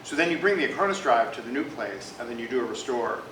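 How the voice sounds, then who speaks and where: Fast-talking man leading a tech discussion. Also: medium pitch, expressive. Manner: eager, explanatory. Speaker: discussion leader. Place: office meeting room. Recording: distant echoey room, background noise.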